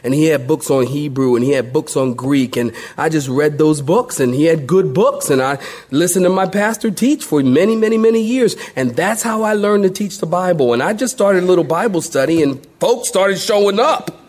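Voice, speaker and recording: Man, pastor, sermon, higher voice, playful storytelling. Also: expressive, normal speed, few pauses, darkish tone. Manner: storytelling with playful impressions and laughter.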